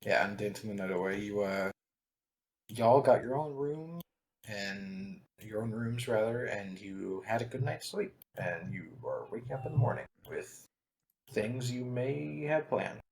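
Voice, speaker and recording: A man's voice: fairly low pitch, unhurried, gravelly, a little mellow, rough recording. A man narrating as dungeon master in a tabletop game, talking loosely with many fillers and restarts.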